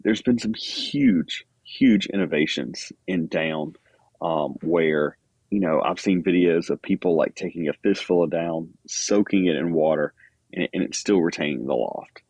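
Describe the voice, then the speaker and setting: A man's voice: low voice, a little slow, a little mellow, husky, dry recording. A man guest on a podcast, talking casually with lots of fillers and self-deprecating asides. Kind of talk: casual chat.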